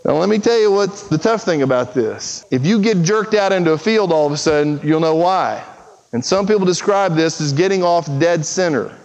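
Pastor mid-sermon, earnest and pressing, somewhat high voice, dull recording with long church reverb. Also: male voice, lively intonation, normal speed, a little mellow. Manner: earnest, urgent preaching with acted-out quotes. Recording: muffled, with long hall reverb.

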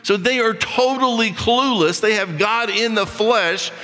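A man's voice: sits high, a little slow, bright, forceful tone, in a large hall, soft background music. A man preaching a conversational sermon as a pastor, reading scripture and acting out the voices of his listeners.

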